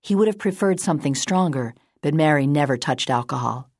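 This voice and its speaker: A woman narrating a novel in a steady, composed storytelling manner. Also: low-pitched, brisk, hardly any pauses, no room sound, studio quality. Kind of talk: audiobook narration.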